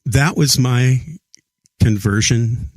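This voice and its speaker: A middle-aged man, a podcast guest, earnestly recounting a personal story in a halting way, often repeating his words. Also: medium pitch, husky, dry recording. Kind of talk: casual storytelling interview.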